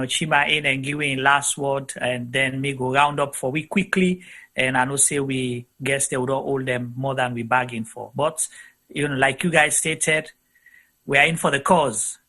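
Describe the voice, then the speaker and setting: A man's voice: mid-range voice, bright, forceful tone. A man with a Sierra Leonean Krio accent, hosting a live panel, who briefly affirms speakers and hands over to the next one. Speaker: host.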